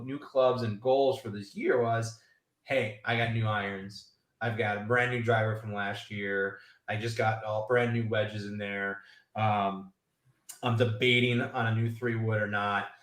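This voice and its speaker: Man, casual golf chat, rambling storyteller, mid pitch, echoey room. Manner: rambling storyteller, acts out quoted voices. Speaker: golf podcast co-host. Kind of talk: casual live-stream chat.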